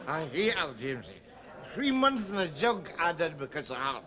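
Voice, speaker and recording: A man's voice: on the high side, sing-song, normal speed, crowd noise. A middle-aged man with a Glaswegian accent, playing a rambling, self-pitying sitcom drunk. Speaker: sitcom character. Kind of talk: sitcom acting.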